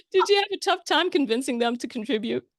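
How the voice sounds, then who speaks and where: A woman's voice: high-pitched, very animated, normal speed, no room sound, studio quality. A woman hosting a radio interview, enthusiastic and admiring as she talks with her guest. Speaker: radio show host.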